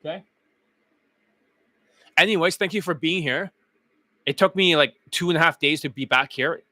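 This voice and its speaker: A dating coach streaming live, lecturing bluntly and with heavy profanity, his voice getting hoarse. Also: a little high, fairly quick, bright, forceful tone, no room sound. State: losing his voice. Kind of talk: livestream rant.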